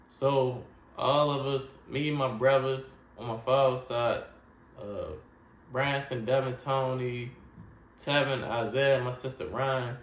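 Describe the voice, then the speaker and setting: A man of middle pitch tells his life story in an earnest, heartfelt way, speaking in short broken phrases. His voice rings in a roomy, echoey space, with a faint hum of ambient noise behind him. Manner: earnest, repeats "you know what I mean". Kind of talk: personal testimony, casual storytelling.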